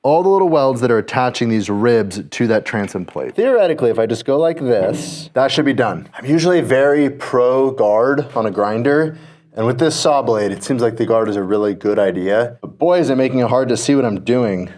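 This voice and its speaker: A man in his thirties hosting a casual project vlog, chatty and excitable as he thinks out loud while working on a boat. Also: medium pitch, fairly quick. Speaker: DIY boat restorer and channel host.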